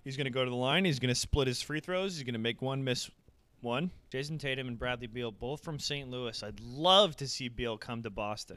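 A young man giving casual, profane play-by-play as a fan while watching a game, bursting into excited shouts. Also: medium pitch, normal speed, no room sound.

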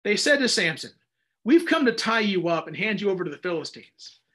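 High-voiced man teaching a Bible study. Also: very animated, fairly quick, pushed and bright. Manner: conversational, self-deprecating, with frequent restarts. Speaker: pastor.

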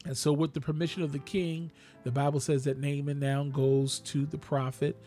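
A man's voice: on the high side, flat delivery, moderate pace, mellow, faint music behind. A man preaching a radio sermon, talking straight to his listeners and rising to sudden exclamations.

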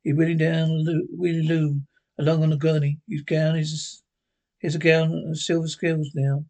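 Guy reading out a script, kinda high voice, trips over words a lot. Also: little pitch movement, dark tone. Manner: halting, stumbles over words. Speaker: reader.

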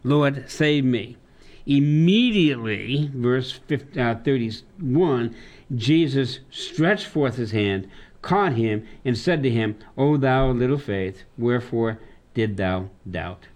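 A man, a pastor, talking through a Bible passage with a colleague and reading verses aloud slowly in old-style wording. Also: medium pitch, lively intonation, darkish tone. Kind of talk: conversational Bible discussion.

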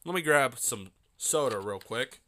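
A man hosting a solo podcast, telling a story in an excitable, animated way, often laughing, recorded on a phone. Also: medium pitch, a little slow. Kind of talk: casual storytelling monologue.

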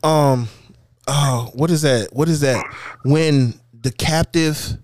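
A man's voice: on the high side, slow pace, a little mellow, no room sound, studio quality. A man in casual chat, telling folksy tales and insisting on his point.

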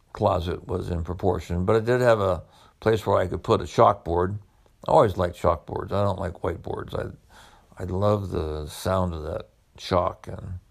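A man's voice: low-pitched, vocal fry. A man who was once a police officer tells his own story about studying for medical school, in a reflective, conversational way. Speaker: former police officer turned medical student. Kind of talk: personal storytelling.

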